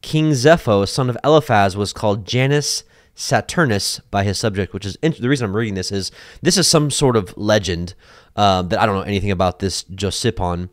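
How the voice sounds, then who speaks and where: Brief: casual male bible teacher, chatty and animated, dry close sound. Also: on the low side, fairly quick, dry recording. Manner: animated, acts out voices, many fillers.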